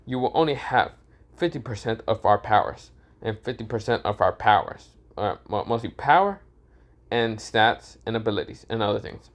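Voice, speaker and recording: A man voicing a calm, weary young man who explains things matter-of-factly. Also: medium pitch, close to an everyday voice.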